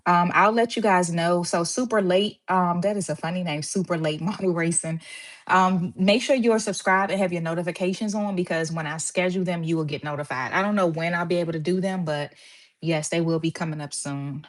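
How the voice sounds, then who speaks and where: A woman's voice: lowish voice, fairly quick. A woman from Washington, D.C. hosting a casual live stream, greeting viewers by name and a little out of breath after running downstairs. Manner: chatty, greets viewers by name, says y'all. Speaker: host of a live stream for medical assistants. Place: home.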